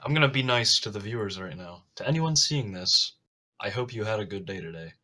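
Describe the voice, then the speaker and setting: A mid-pitched player chats casually during a tabletop game. He jokes and rambles, restarting his sentences as he goes. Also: lively intonation, fairly quick, sharp tone, slight background noise. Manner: joking, rambling, with many restarts.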